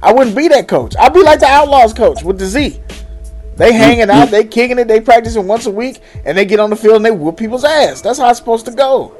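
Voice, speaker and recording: A man chatting casually in an animated, incredulous way, swearing freely. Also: very high voice, fairly quick, soft background music. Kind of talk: casual chat.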